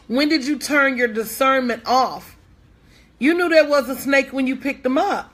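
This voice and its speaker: A woman business coach with a high, fairly bright voice talks casually to her online audience. She's folksy and candid, calling out viewers by name.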